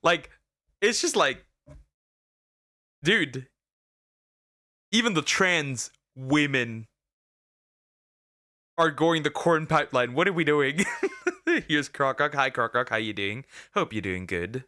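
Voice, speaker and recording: Man, vtuber reaction commentary, slow-talking, bright tone, blunt and mocking, stammers and repeats. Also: fairly high pitch, big pitch swings.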